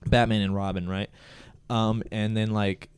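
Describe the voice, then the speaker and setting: A man talks on a comedy podcast, rolling through a long, profane story from his job. His voice sits on the low side and comes across smooth and clean. The sound is dry and close, with no room around it. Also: a little slow, no room sound. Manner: animated storyteller, swears freely, laughs loudly at his own story. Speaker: podcast co-host telling a work story. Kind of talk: casual comedy podcast chat.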